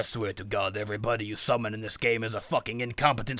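A man's voice: on the low side, steady tone, quick pace, few pauses, sharp tone, no echo. A man narrating his own gameplay in a grumpy, swearing persona of an evil sorcerer, ranting at his helpers. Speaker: gameplay commentator. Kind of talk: in-character let's play commentary.

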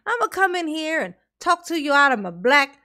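A woman's voice: high-pitched, very animated, fairly quick, pushed and bright, pitched above the performer's own voice, full character voice. A woman doing a sarcastic, exaggerated impression of a defiant male defendant. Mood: mocking.

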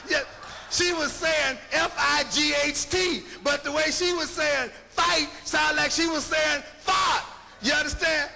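A man's voice: very high-pitched, steady tone, moderate pace, gravelly, sharp tone, shouting, big-room sound, slight background noise. An American man giving an emphatic public lecture, firing rhetorical questions and spelling words out letter by letter.

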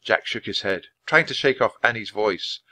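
A man reading a children's chapter book aloud at a clear, measured pace for English learners. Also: fairly low pitch, animated, pushed and bright. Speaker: storybook reader.

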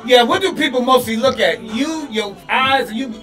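A man co-hosting a podcast, joking loudly, laughing and exclaiming with teasing questions. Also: very high voice, animated, moderate pace, soft background music. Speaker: podcast co-host. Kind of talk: loud joking banter.

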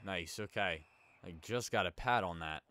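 A man's voice: deep voice, moderate pace, sharp tone. A man giving casual, rambling commentary while playing a hockey video game, reacting to each save. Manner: chatty, rambling, reacts to plays. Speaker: let's play host.

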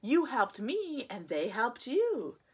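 A woman reading a picture book aloud, voicing a big, pompous, hurried male dump truck who sounds bossy and self-important. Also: on the high side, big pitch swings, slightly rough, voice pushed up, heavily acted. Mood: grateful.

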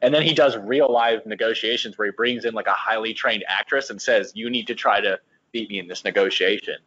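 A man's voice: fairly low pitch, brisk, a bit bright, highs cut off. A man chatting on a podcast about a book, keen and loose in his phrasing. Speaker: podcast team member. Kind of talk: casual chat about a book.

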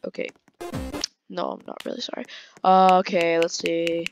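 A woman hosting her gaming channel, giving casual game commentary and exclaiming excitedly at what happens on screen. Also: on the low side, normal speed, highs cut off. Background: loud game music and gunfire.

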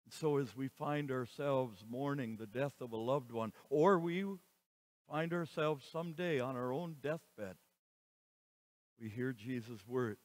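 A man giving a sermon as pastor, moving between quiet passages and loud, emphatic lines. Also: medium pitch, a little slow, no room sound. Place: church.

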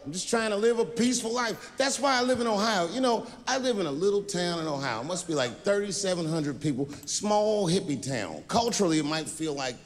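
Animated male stand-up comedian. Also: high voice, brisk, few pauses. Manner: animated storytelling, acts out voices. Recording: stand-up special in a large hall with audience.

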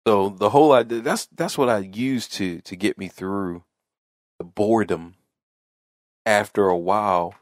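A man's voice: fairly low pitch, a little slow, no echo, studio quality. A man hosting a podcast, telling a casual story in a rambling way that repeats phrases and restarts often. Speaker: podcast host.

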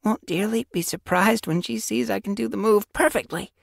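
A man voicing a proud, stubborn young female apprentice cat in a storybook reading, speaking in a high, strained, insistent way. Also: moderate pace, creaky, dry recording, clean studio sound, full character voice. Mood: indignant.

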